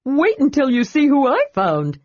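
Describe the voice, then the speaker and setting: A woman voicing an excitable small male kender in a storybook reading, high and eager. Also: normal speed. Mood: excited. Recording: dull dry recording.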